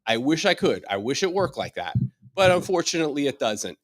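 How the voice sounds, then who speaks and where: Brisk and sing-song, with a voice on the high side, a middle-aged chiropractor runs a wellness workshop in a chatty, joking style. He asks lots of rhetorical questions, restarts often, and repeats words as he begins sentences, all captured in a dry, clean studio recording.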